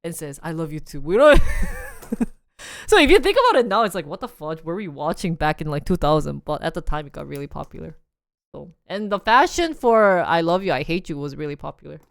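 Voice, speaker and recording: A woman's voice: sits low, sing-song, brisk, creaky, dry recording, studio quality. A young woman streaming live, chatting casually and laughing often as she acts out scenes in voices. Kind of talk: casual livestream chat.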